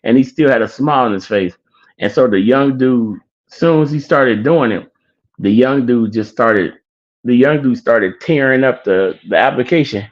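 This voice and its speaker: A man hosting his own show tells a story in a relaxed, rambling way with lots of filler. His voice sits at an ordinary middle pitch. The recording is slightly muffled and lo-fi. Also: moderate pace. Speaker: show host. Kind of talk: casual storytelling.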